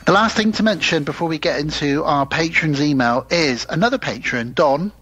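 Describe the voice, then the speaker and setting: A man's voice: fairly high pitch, lively intonation, normal speed, a bit bright, slightly rough, no echo. British guy cohosting a podcast, laid back and chatty, reads out a listener email. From United Kingdom. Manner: easygoing, chatty, laughs often. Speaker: podcast co-host. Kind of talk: casual chat, reading a listener email.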